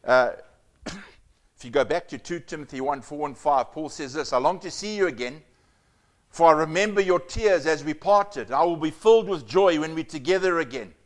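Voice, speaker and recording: A man preaching a sermon, moving from loud emphatic lines to hushed, almost whispered asides. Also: a little high, moderate pace. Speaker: pastor.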